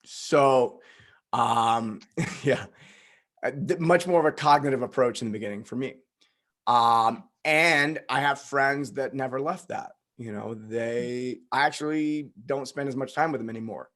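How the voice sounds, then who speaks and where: A man's voice: medium pitch, measured pace, fairly bright tone. Reflective male podcast host. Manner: reflective, with frequent fillers and laughs. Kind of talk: conversational podcast interview.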